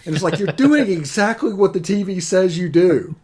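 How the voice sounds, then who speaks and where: A man's voice: high voice, lively intonation, moderate pace, darkish tone, husky. A man co-hosting a sports podcast in teasing, casual chat. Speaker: podcast co-host.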